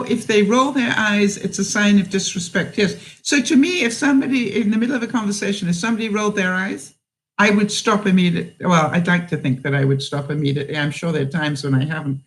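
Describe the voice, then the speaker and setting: A woman's voice: mid-range voice, low-quality recording. A woman vlogger giving frank advice to her viewers, laughing often and acting out what she would say. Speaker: vlogger answering viewer questions. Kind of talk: casual advice talk.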